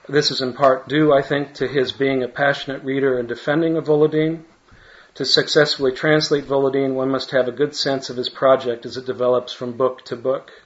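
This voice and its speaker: A man's voice: medium pitch, lo-fi sound. A man who translates literature, reading a paper aloud and adding hesitant, restarting asides in an academic manner. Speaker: literary translator giving a talk.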